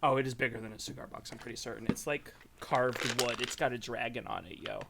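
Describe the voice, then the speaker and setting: A man's voice: mid-range voice, steady tone, fast talker, creaky, heavy background noise. A young man from Illinois co-hosting a casual podcast chat, joking and laughing often. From Illinois, USA. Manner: giggly, joking, laughs a lot. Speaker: podcast co-host.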